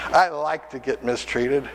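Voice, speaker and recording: A pastor who also serves as a hospice chaplain preaches from a church sanctuary, his voice fairly high. He tells personal stories conversationally and acts out the voices of the people in them. The big hall and poor audio quality come through clearly.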